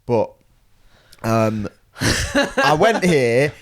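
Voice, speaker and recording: A young man, a podcast co-host who tells an animated, self-mocking story with lots of swearing. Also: mid-range voice, very slow. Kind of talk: casual chat, storytelling.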